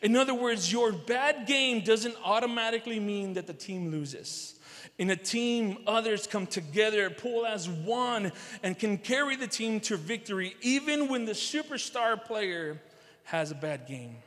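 A male pastor preaches to his congregation in a high-pitched voice. He repeats his key phrases and speaks to the people in front of him directly. His voice carries a long reverb from a large church sanctuary. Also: animated, measured pace, fairly bright tone. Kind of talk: sermon.

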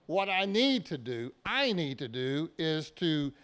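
A man's voice: fairly high pitch, very animated, takes it slowly, a bit bright, clear, resonant tone. A man preaching a sermon in a church, talking to the congregation in a plain, conversational way with everyday examples. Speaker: pastor.

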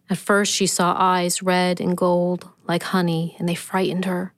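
Woman author narrating her tale; steady, measured; lowish voice, dry close sound. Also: no echo. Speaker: author reading her own story. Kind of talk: scripted narration.

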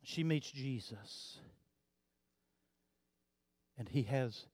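A male pastor preaching a sermon, swinging from hushed low passages to loud emphatic build-ups, often repeating words as he builds. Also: animated, takes it slowly, pauses often, no room sound.

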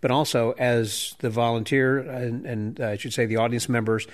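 A man's voice: medium pitch, normal speed. A man hosting an interview podcast, asking easygoing questions and wrapping up the talk with his guest. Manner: relaxed, prompts with short questions and backchannels. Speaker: podcast host. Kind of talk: interview conversation.

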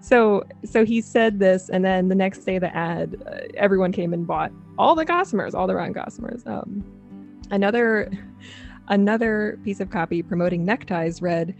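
A woman's voice: medium pitch, moderate pace, gravelly, a little mellow, faint music behind. A young adult woman co-hosting a podcast in casual chat, laughing often. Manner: chatty, laughs often, reads quotes aloud dramatically. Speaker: podcast co-host.

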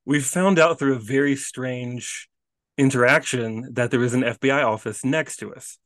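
A man's voice: mid-range voice, moderate pace, dry recording. Dry-sounding man telling a story. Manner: animated anecdote-telling with laughs and restarts. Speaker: podcast co-host. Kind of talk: casual storytelling.

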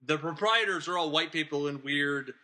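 Bright-voiced man rambling through a recap. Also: on the high side, moderate pace. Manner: rambling, digressive, chuckles mid-sentence. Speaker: podcast host recapping a film. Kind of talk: casual chat.

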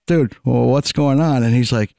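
A man's voice: medium pitch, creaky, dry recording, studio quality. A man telling a story in casual chat, acting out what people said. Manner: fast, animated storyteller acting out quotes.

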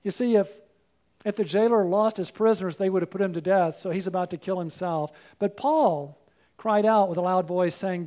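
A middle-aged man, a pastor, preaching a sermon that swings from hushed to loud. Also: high voice, normal speed.

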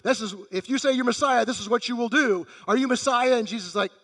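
A man's voice: very high-pitched, fast, a bit bright, long reverb tail. A man preaching a sermon in a conversational way, acting out the quoted voices in the passage. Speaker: pastor.

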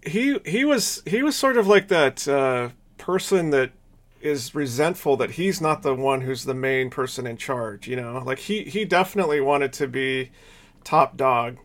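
A man's voice: mid-range voice, lively intonation, measured pace, a bit bright. A man co-hosting a casual film review chat, talking with enthusiasm and plenty of fillers. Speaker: podcast co-host.

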